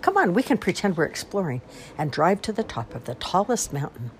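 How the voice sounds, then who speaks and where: A woman's voice: on the low side, sing-song, fairly quick, slight background noise, voice pushed up. A woman voicing Sarah, a bold, adventurous girl mouse who is eager and coaxing.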